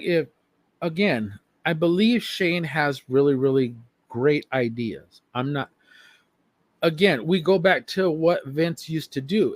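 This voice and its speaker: Guy cohosting a podcast, casual and emphatic, kinda high voice, dry close mic. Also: dry recording. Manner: emphatic, profane, repeats himself. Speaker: podcast co-host. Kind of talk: casual chat.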